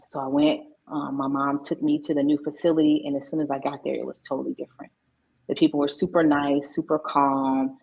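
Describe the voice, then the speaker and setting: Brief: middle-aged woman, low husky voice, candid personal storyteller. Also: flat delivery, fairly quick, a little mellow, low-quality recording. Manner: candid, emotional, acts out quoted voices. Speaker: podcast guest, mindset coach.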